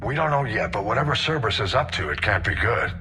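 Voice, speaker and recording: An actor playing a calm male military commander in a video game, speaking in clipped tones. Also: on the low side, fast talker, slight background noise. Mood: grim. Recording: game audio played back.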